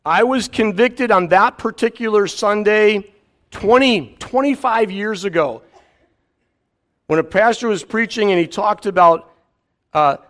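A middle-aged man, preaching a sermon in a conversational way with quiet asides. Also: high-pitched, a little slow. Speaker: pastor.

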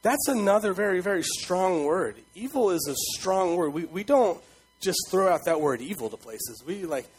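A man's voice: sits high, animated, normal speed, a little mellow, husky, low-quality recording. A man in young adulthood preaching a sermon as pastor, in a conversational style, asking the congregation questions and voicing God with emphasis.

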